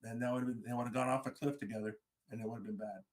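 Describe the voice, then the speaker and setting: A man's voice: mid-range voice, fairly even intonation, very fast. A middle-aged man, a fire service leader, telling a story on a podcast and acting out the dialogue as he goes.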